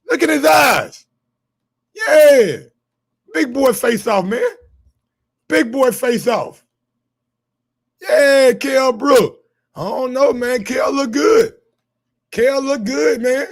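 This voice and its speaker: A man runs a sports reaction live stream. His voice sits fairly high for a man. He talks loudly and excitably, swears freely and calls out to his viewers as if they were in the room with him. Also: slow pace, slightly rough. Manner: excitable, loud and profane, talks straight to viewers. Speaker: sports channel host.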